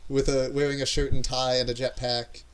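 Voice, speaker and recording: A man's voice: mid-range voice, level tone, a little fast, clear, resonant tone, poor audio. A man chatting casually as a podcast co-host, rambling and trailing off with lots of fillers. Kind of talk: casual chat.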